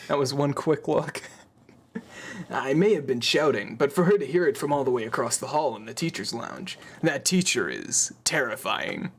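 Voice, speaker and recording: A man's voice: medium pitch, lively intonation, a little slow, husky. Young man reading a story aloud, laughing often. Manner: laughing, swearing, joking. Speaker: audiobook reader. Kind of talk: reading a visual novel aloud with casual chat.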